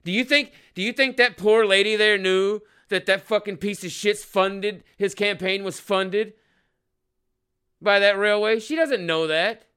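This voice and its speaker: Profane, rambling man with a bright voice. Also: high voice, unhurried, clear, resonant tone. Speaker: podcast host. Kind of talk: casual commentary.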